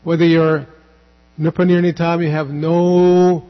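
Fairly high-voiced man teaching scripture. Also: flat delivery, measured pace, long reverb tail, muffled recording. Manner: explanatory, digressive, chants Sanskrit verses. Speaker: scripture class speaker. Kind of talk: devotional scripture class.

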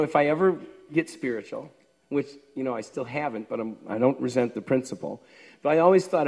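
A man in his sixties, a devotee telling how he joined, lively and acting out the voices of others. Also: medium pitch. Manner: lively storyteller who acts out the other people's lines. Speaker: devotee sharing his story. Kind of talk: personal storytelling talk. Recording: long hall reverb.

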